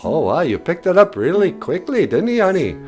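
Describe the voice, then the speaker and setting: A man co-hosting a podcast in easygoing, halting casual chat with many fillers. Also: high voice, sing-song, darkish tone, faint music behind. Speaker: podcast co-host. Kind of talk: casual comedic radio chat.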